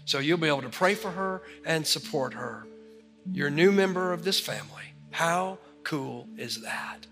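A man preaching a sermon to a congregation, telling a story with animated delivery and then leading a prayer. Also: on the high side, moderate pace, creaky. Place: church sanctuary. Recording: large hall reverb with faint music.

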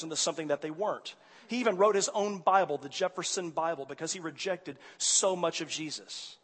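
A male preacher tells a story from the pulpit, his voice sitting high and swinging from hushed asides to loud exasperation. His words ring out with a long reverb, as in a large hall. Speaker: pastor. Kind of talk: sermon storytelling.

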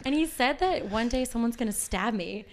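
A woman in her twenties in casual chat, telling animated stories and laughing often. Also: on the high side, moderate pace, crowd noise.

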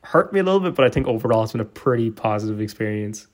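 A young man from Donegal, Ireland, with a Donegal Irish accent, tells rambling stories in casual chat. His voice is fairly low, animated and racing, and he laughs often and restarts a lot.

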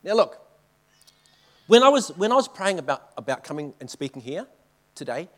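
A man's voice: on the high side, very animated, normal speed, fairly bright tone. A man giving an informal church talk with slides, telling stories from the mission field and often checking in with the audience. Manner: chatty, keeps checking in with the audience. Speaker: missionary speaker.

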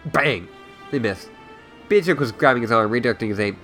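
A man's voice: mid-range voice, animated, brisk, pauses often, sharp tone, faint music behind. Casual man reading and chatting. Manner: loose, filler-heavy talk with lots of "like". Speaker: podcast host. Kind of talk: casual chat and reading aloud.

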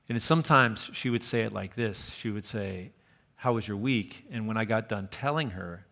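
A man preaching a sermon, telling a personal story with earnest warmth and dropping to a near whisper for quoted lines. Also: on the low side, moderate pace, creaky. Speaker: pastor. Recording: long hall reverb.

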